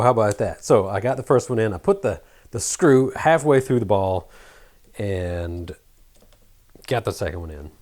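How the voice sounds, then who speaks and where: A middle-aged man with a faint, mostly flattened Southern American accent, chatting casually and muttering to himself while working at a bench. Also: fairly low pitch. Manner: rambling, self-deprecating, mutters while working. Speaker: hobby shop owner building an RC truck.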